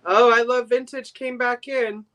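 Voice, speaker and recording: A fairly high, steady, slightly bright female voice. She's a Boston, USA native appearing as a guest seller on a live-stream sale, chatting casually and with lots of enthusiasm, breaking into quick giggles.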